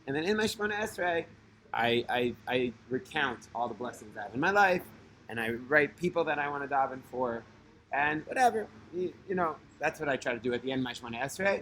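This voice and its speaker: A man's voice: medium pitch, fairly bright tone, slight background noise. A man telling a personal religious story in a loose, conversational way, full of fillers and restarts and sprinkled with Hebrew terms. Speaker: storyteller host. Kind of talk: casual spoken storytelling.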